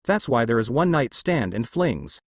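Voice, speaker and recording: A man's voice: mid-range voice, very animated, moderate pace, no room sound, clean studio sound. A man voicing a brash, lecherous teenage boy who stammers on his first words. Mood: whiny.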